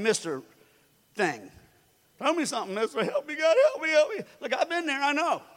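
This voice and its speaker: A man delivers a lively sermon in a strikingly high voice. He swings from booming declarations to hushed asides and acts out the voices of the story. His words ring out with the long reverb of a large hall. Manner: animated, swings loud and soft, acts out voices. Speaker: preacher.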